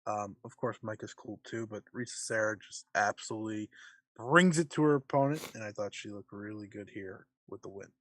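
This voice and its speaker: A man's voice: fairly low pitch, brisk, a bit bright, no echo. Tired, wry man on a dry mic. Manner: wry, emphatic bursts then sleepy mumbling. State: tired, yawning. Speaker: podcast co-host. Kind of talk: casual wrestling podcast chat.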